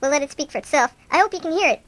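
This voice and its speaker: A woman's voice: high voice, lively intonation, rapid-fire, slight background noise. Woman doing rambling goofy buddy hosts. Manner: rambling, jokey, playfully self-mocking. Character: two goofy young male rock-fan buddies. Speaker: radio show host. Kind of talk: improvised comic banter.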